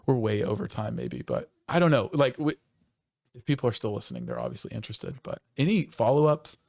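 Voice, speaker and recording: A pastor with a medium-pitched, creaky, slightly mellow voice whose pitch swoops wildly, recorded dry at studio quality. He talks earnestly and passionately on a conversational church podcast, speeding up when stirred and often breaking off to restart his sentences.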